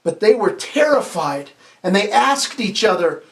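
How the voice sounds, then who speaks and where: A man's voice: high voice, big pitch swings, unhurried, vocal fry. A man, a pastor, reading a children's picture book aloud with playful asides, asking the kids questions and having them repeat lines. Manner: playful asides, some stumbles and restarts. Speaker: pastor hosting a kids' story time.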